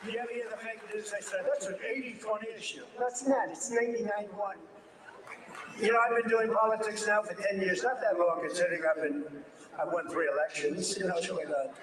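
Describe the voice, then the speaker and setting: A man's voice: high-pitched, fairly even intonation, a little fast, a crowd in the background. An older man giving an off-the-cuff political speech, rambling and repeating himself as he digresses. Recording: distant echoey room with background noise.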